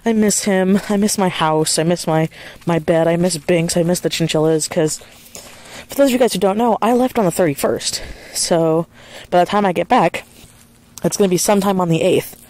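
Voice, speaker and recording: A woman vlogging in casual chat, rambling and swearing freely, speaking in a soft hushed voice outdoors at night while walking a dog. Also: on the low side, normal speed.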